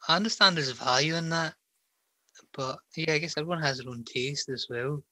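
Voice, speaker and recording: An easygoing male podcast host with a bright, slightly raised voice. He keeps his replies short and pushes back gently, recorded close and dry. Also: on the high side, normal speed, no echo. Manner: easygoing, brief replies and pushback. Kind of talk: casual chat.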